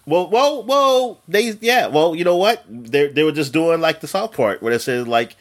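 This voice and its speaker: A man's voice: fairly high pitch, lively intonation, normal speed. A man in his late thirties co-hosting a podcast, rambling through casual chat with lots of fillers and laughing often. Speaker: podcast co-host.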